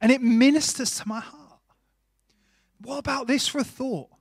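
Middle-aged male pastor, high voice, dry close sound, earnest sermon delivery shifting from soft to emphatic. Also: normal speed, creaky, husky, no echo. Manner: earnest, varies volume from soft hush to emphatic. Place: church.

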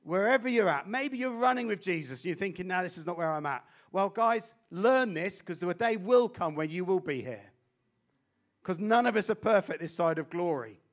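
A man preaching a sermon as a guest speaker, animated and swinging between loud exclamations and hushed intensity. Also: high voice, normal speed.

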